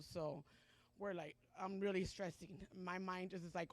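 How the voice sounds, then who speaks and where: A woman's voice: fairly low pitch, little pitch movement. Emotional woman giving church testimony. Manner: halting and emotional, many pauses and fillers. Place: church Sunday service.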